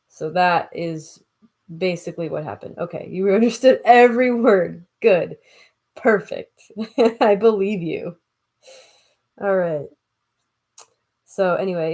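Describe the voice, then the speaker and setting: A woman reads an old novel aloud in a relaxed, informal way. Her voice sits slightly low, and she keeps stopping to puzzle over old words and make wry asides. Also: takes it slowly, long pauses. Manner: chatty, stumbles over old words, laughs at herself. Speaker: audiobook reader. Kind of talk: casual read-aloud with asides.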